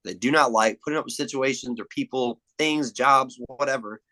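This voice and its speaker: A man's voice: medium pitch, normal speed, sharp tone, rough recording. A young man in casual podcast chat, swearing freely and acting out movie lines. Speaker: podcast guest.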